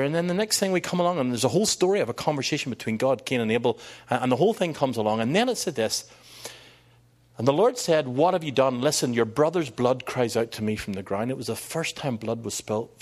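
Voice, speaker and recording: Animated male preacher with lively pitch. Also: fast. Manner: animated, conversational preaching with asides and jokes. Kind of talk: sermon.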